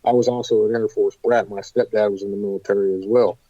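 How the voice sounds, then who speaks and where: A man being interviewed about paranormal investigations, telling stories in an animated, hesitant way full of fillers. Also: fairly low pitch, fast, no echo, highs cut off. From United States. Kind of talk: casual interview storytelling.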